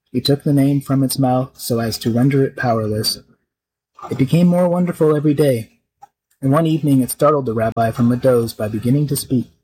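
A man's voice: mid-range voice, dark tone, low-quality recording. Man narrating a folk tale. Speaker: storyteller. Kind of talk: scripted storybook narration.

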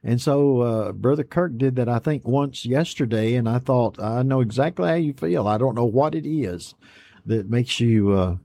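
A man hosting an online Bible study program, reading out viewer greetings and chatting back in a folksy, unhurried way. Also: medium pitch, gravelly, warm tone. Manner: folksy and unhurried, reads messages aloud then chats back.

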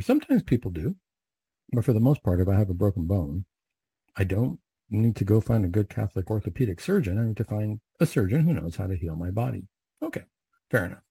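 A man reciting Catholic prayers and then giving a measured, earnest reflection to his listeners. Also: fairly low pitch, very animated, vocal fry, dark tone, slightly rough, no room sound, rough recording. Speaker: Catholic speaker.

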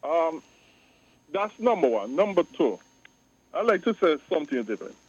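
A man's voice: a little high, big pitch swings, normal speed, a little mellow, muffled recording. A man on a call-in radio show, speaking emphatically and repeating his points. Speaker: radio guest. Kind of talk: call-in talk radio discussion.

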